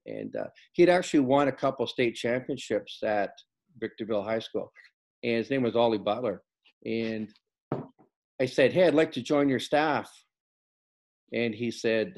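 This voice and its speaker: A man's voice: medium pitch, darkish tone. Man telling coaching stories with acted dialogue. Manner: tells stories by acting out quoted dialogue. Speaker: basketball coach. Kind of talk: casual storytelling interview.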